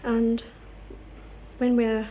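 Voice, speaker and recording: A woman married to a jazz bassist speaks fondly and plainly in a documentary interview. Her voice is fairly high and mellow, with a faint hiss. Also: completely flat delivery, very slow, poor audio. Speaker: musician's wife.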